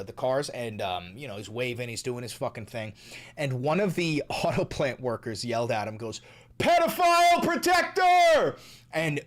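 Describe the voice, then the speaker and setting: A man streams casual commentary on the news, indignant and heavy with profanity. His voice jumps high and drops low as he mocks and rants. He sits at a middle pitch, neither deep nor high. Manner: mocking. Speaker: streamer and host.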